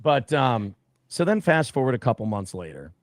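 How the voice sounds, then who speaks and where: A man's voice: mid-range voice, big pitch swings, normal speed, no echo. A man telling a personal story in a profane, emphatic way. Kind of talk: recounted anecdote.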